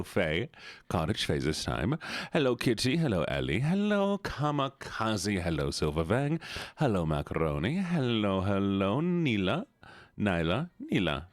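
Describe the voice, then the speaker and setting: A playful male streamer chatting casually with his viewers and teasing them. His pitch swings widely from line to line, and the sound is dry and close. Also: dry recording. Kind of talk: casual live-stream chat.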